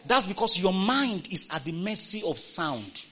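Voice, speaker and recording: Bright, high-voiced man preaching a sermon. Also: very animated, measured pace, slightly rough. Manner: repetitive, call-and-response preaching that swings from loud to hushed.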